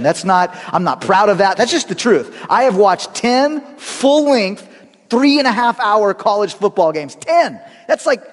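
A middle-aged man preaching a sermon in a church, conversational and animated, with self-deprecating humor. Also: high-pitched. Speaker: pastor. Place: church sanctuary. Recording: long hall reverb.

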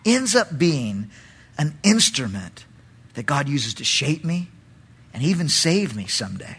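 Animated, bright-voiced male pastor. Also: a little slow, slightly rough. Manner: animated, jumps into high dramatic voices for characters. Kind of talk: expository sermon with acted Bible voices.

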